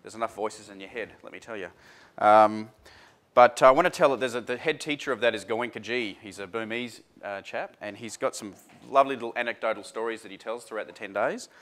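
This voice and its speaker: A man's voice: fairly low pitch, brisk, a bit bright. A man presenting a workshop seminar to a live audience in a chatty, informal way, full of fillers and restarts. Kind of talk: casual workshop talk.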